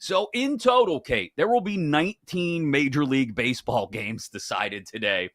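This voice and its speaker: A male host of a sports betting show from the upper Midwest, giving an upbeat, rapid rundown of games and odds. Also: mid-range voice, lively intonation, a bit bright, dry recording, studio quality.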